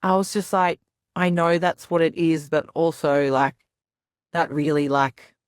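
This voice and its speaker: Low-voiced woman telling her story. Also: measured pace, no echo, clean studio sound. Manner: rambling, lots of "like" and quoted asides. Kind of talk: casual storytelling chat.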